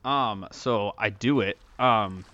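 A man's voice: fairly low pitch, slow, sharp tone, no room sound, highs cut off. A man playing a tabletop role-playing game, talking hesitantly with many fillers. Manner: hesitant, lots of ums and likes. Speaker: player. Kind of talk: in-character tabletop game play.

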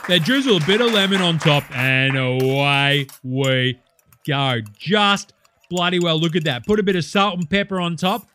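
A man's voice: a little high, moderate pace, pushed and bright, a little hiss or hum. A man with an Australian accent voicing a crude, boastful bloke hosting a TV cooking show. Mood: cheerfully crude.

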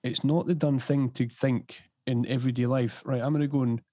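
A man with a middle-pitched voice talks through an interview as a lively storyteller, swinging up high when he quotes people. The sound is dry and close, with no room around it. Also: a little fast, no room sound. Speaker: podcast guest. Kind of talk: casual interview chat.

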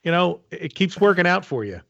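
A man's voice: high voice, very animated, fairly quick, vocal fry, lo-fi sound, a crowd in the background. A man hosting an interview, joking and teasing the guest in casual chat. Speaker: podcast host.

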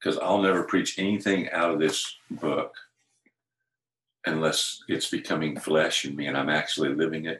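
A man's voice: low-pitched, fairly bright tone, roomy sound, poor audio. An older man, a pastor, earnestly telling a personal faith story in conversation. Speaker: pastor, interview guest.

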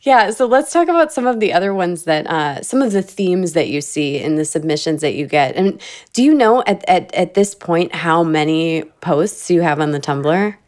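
A woman hosting a podcast, introducing a guest and chatting in a relaxed way with fillers. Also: lowish voice, normal speed. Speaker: podcast host. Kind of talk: conversational interview.

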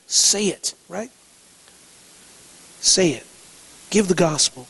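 A man's voice: high-pitched, expressive, unhurried, creaky, long pauses, fairly bright tone, slightly rough, rough recording. A man preaching a sermon, emphatic, asking rhetorical questions and repeating key phrases. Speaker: pastor.

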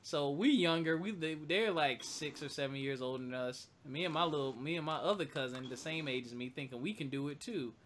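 A man's voice: a little high, brisk, hardly any pauses, slight background noise. A man telling a childhood story in a casual, profane chat, laughing often. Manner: animated, laughs loudly, profane. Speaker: co-host.

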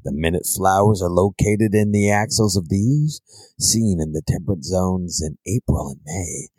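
A stern older gentleman with a cigar and a glass of bourbon , voiced by a man reads with slow, weighty gravity. The voice sits very low. It is dry and close to the mic. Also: breathy edge, dry recording, low-quality recording. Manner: slow, grave, deliberate reading. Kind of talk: in-character reading of a herbal text.

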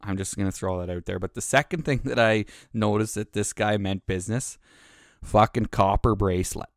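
A man's voice: fairly low pitch, moderate pace, dry recording, studio quality. A man who drives trucks telling a rambling, profane anecdote in a casual way.

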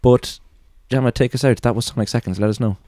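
A man's voice: medium pitch, steady tone, quick pace, dark tone, no room sound, studio quality. A man hosting a podcast in loose, joking banter with some swearing. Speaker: podcast host. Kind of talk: casual chat.

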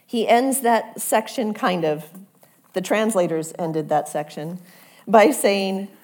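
A woman's voice: medium pitch, slow, darkish tone. A woman preaching a conversational sermon, often repeating words as she builds toward a point.

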